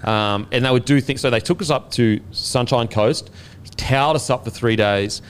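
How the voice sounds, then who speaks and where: A man's voice: mid-range voice, normal speed, a little hiss or hum. A man with an Australian accent, a former rugby league player, telling a story in casual podcast chat, swearing freely and laid-back. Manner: profane, laid-back and animated, laughing as he tells it.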